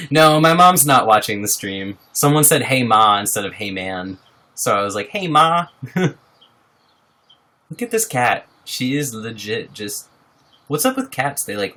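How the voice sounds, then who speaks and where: A bubbly young man hosts a casual live stream from his home, speaking into a laptop microphone. His pitch sits in the middle, but his voice swoops up and down with lively energy as he cheerfully greets viewers. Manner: bubbly, greets viewers by name, laughs often. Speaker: livestreamer. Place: home, at a wobbly table.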